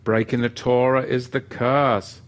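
A man's voice: medium pitch, level tone, unhurried. A man teaching a live-streamed lesson who reads the chat and greets viewers by name, with playful asides. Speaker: livestream teacher.

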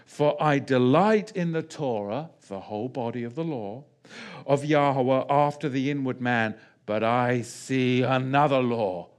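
A man delivers a verse-by-verse sermon, teaching animatedly as his pitch swings widely. He poses rhetorical questions to his listeners and pauses on key phrases.

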